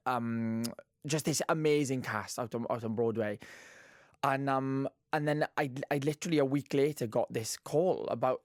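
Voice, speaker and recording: A man's voice: medium pitch, dry recording, clean studio sound. A young man with a Welsh Valleys accent, a guest actor chatting in a radio interview, gushing and laughing easily, with lots of fillers. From Wales. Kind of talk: casual radio interview chat. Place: radio studio.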